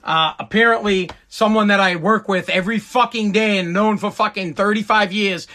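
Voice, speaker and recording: A high, bright voice with a steady, forceful tone comes from a middle-aged podcast host speaking at normal speed. Tipsy from drinking, he swears and rambles through a monologue that swells into exasperated rants.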